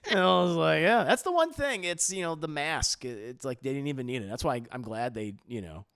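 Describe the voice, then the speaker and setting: A man hosting a casual podcast while playing a racing game. He is animated and laughs often. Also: on the high side, brisk, no echo, clean studio sound. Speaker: podcast host. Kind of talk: casual chat while gaming.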